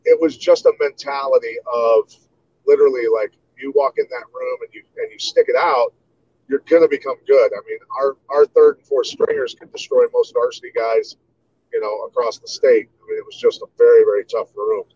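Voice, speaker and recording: A man in his fifties from Iowa, telling stories as an interview guest in a relaxed way, with many "you know"s. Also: mid-range voice, fairly quick, highs cut off, a little hiss or hum. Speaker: guest, martial artist. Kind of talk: casual interview storytelling.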